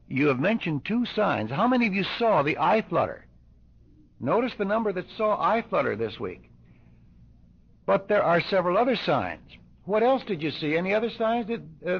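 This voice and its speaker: An older man teaching a class of doctors as a hypnosis instructor, deliberate and questioning, repeating his points, on an old lo-fi tape recording. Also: high voice, creaky, husky.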